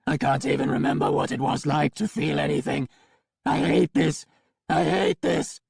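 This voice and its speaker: A man's voice: a little high, moderate pace, vocal fry, darkish tone, husky, no echo, clean studio sound, voice pushed up, full character voice. A man voicing a despairing male cyborg patient, desperate and pleading. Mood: anguished.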